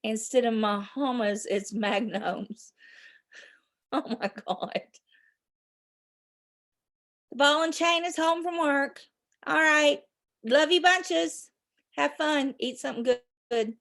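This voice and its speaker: A woman's voice: high voice, expressive, takes it slowly, gravelly, fairly bright tone. A middle-aged woman, hosting a rambling live chat with her viewers and laughing often. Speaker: livestream host.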